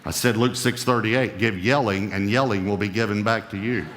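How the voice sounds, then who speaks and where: A man's voice: steady tone, moderate pace, noisy background. Emphatic man preaching in a reverberant hall. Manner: emphatic, rising and falling in pitch and volume. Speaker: pastor. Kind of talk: sermon.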